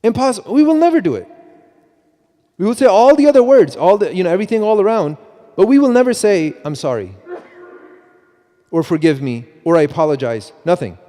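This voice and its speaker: High-voiced man preaching in a reverberant hall. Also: brisk, long pauses. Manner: animated, many restarts and repeats, quotes himself. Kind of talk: mosque talk on parenting. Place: mosque hall.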